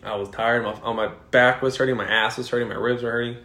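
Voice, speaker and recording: A man's voice: medium pitch, steady tone, fast, bright, forceful tone. Young man telling stories with lots of swearing. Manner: profane, laughing storyteller. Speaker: podcast co-host. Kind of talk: casual chat. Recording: echoey room.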